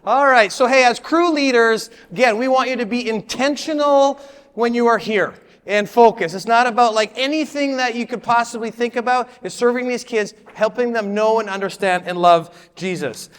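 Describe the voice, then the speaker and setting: Brief: high-voiced casual workshop leader, reverby hall. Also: male voice, moderate pace, fairly bright tone, smooth. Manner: casual, upbeat, lots of 'like' and 'right?'. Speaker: training session leader. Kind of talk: leading a live workshop.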